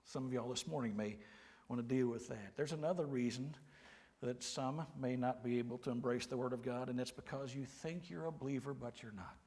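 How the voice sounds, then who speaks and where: A man, preaching a sermon with folksy, humorous storytelling and quiet, earnest emphasis. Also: mid-range voice, fairly quick. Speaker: pastor. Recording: long hall reverb.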